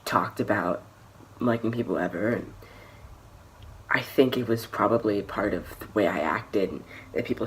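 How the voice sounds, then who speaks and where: A young man vlogging a personal story to the camera, candid and hesitant, often restarting and trailing off into softer phrases. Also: fairly low pitch, a little hiss or hum.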